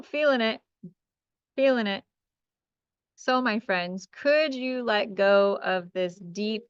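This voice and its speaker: An excitable woman guides a group energy clearing session, breaking into cheerful exclamations and dropping into slow, chant-like commands. Her voice comes across smooth and resonant, close and dry. The call audio sounds a little dull and muffled. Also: medium pitch, no room sound. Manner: enthusiastic and effusive, with exclamations and chuckles. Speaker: spiritual energy healer leading a group session.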